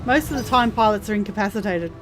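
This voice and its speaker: A woman's voice: medium pitch, animated, fast, over music. A woman streaming a video game, thinking aloud casually and explaining its mechanics as she plays. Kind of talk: casual gameplay commentary.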